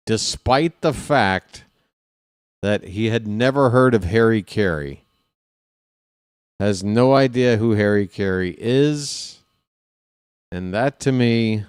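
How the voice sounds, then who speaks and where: A man's voice: medium pitch, clean tone, no room sound, studio quality. A man hosting a baseball live stream, chatting casually and rambling with joking asides to his viewers. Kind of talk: casual post-game stream chat.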